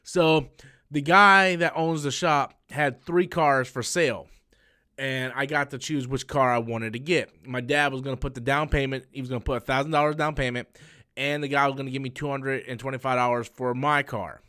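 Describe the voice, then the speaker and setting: A young man with a drawl chats loosely on a live stream. His voice is smooth and clean, at a middle pitch, and he rambles through a story with lots of "um" and "like.". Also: steady tone, moderate pace, pushed and bright. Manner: rambling storytelling with many fillers and restarts. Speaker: comics channel host. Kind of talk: casual live-stream chat.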